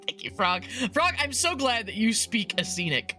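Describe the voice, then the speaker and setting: A woman's voice: high voice, very animated, extremely slow, pauses often, pushed and bright, faint music behind. A woman streaming a game, reading its eerie text aloud and chatting casually, laughing often and swearing now and then.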